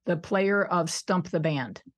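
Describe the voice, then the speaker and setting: A woman's voice: lowish voice, slow. A woman in her sixties from upstate New York, chatting as a podcast guest, self-deprecating and laughing often. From United States (suburban Buffalo, New York). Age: 60s. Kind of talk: casual interview chat.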